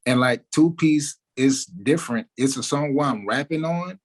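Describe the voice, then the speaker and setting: A man, a musician giving an interview, talking in a relaxed way with many fillers like "like" and "you know". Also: medium pitch, moderate pace, rough recording. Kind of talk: casual interview talk.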